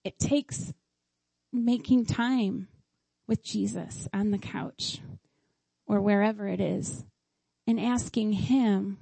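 A woman's voice: mid-range voice, fairly even intonation, slow, vocal fry, warm tone, breathy edge, no echo, poor audio. A middle-aged woman giving a heartfelt sermon at a church service. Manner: heartfelt, tearful at times.

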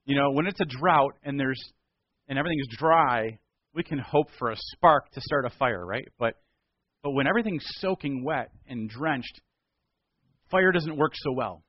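A man's voice: medium pitch, moderate pace, no echo, dull audio. A male pastor retelling a Bible story in a casual, conversational sermon.

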